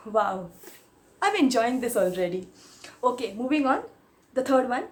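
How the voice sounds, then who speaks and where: Chatty woman, slightly high voice. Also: very animated, measured pace, long pauses. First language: Marathi. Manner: chatty, giggly, switches between English and Hindi. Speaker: YouTuber. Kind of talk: casual vlog, reading tongue twisters.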